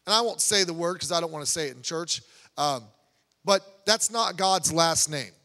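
A man delivers a sermon in a church sanctuary, his voice pitched high and ringing bright. He preaches in a loose, conversational way, full of asides and restarts. A long reverb from the hall trails his words. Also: normal speed. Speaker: pastor.

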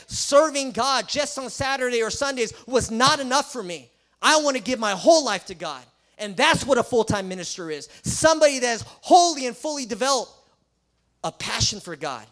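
A man's voice: sits high, fairly bright tone. A man who is a Christian school principal, preaching an emphatic sermon full of rhetorical questions and sarcastic asides.

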